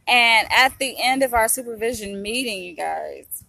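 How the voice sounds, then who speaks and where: A young woman talks straight into her own camera in a loose, chatty vlog. Her voice is bright and clear, and she speaks with open emotion, often calling out to her viewers as she tells her story. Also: fairly high pitch, lively intonation, normal speed, no room sound. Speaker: vlogger, psychology trainee. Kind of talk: casual chat to camera.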